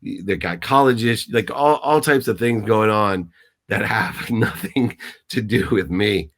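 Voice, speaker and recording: A man's voice: fairly low pitch, a little slow, fairly bright tone. A middle-aged man speaking as a guest mentor, telling stories emphatically with many restarts and sounding choked up. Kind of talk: motivational interview talk.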